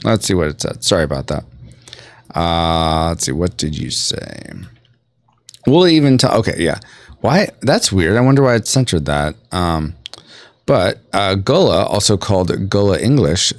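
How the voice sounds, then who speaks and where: A man's voice: lowish voice, no echo. A man hosting a podcast stream, chatting casually and jokingly as he reads the live chat while playing a game. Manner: animated, jokey, breaks into a mock accent.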